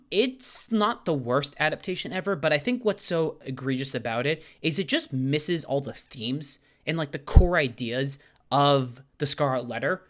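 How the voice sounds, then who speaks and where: A high school English teacher in his twenties answers viewer questions in a laid-back vlog. He's lively and blunt, dropping the occasional casual swear word.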